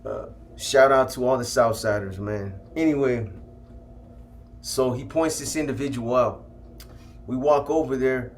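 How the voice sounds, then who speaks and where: A man recounts his past in relaxed, slangy storytelling, often tacking on "man". His voice sits at an ordinary middle pitch. A faint hiss of room noise sits behind him. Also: unhurried. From California. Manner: laid-back street slang, trailing off with "man". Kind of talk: casual first-person storytelling.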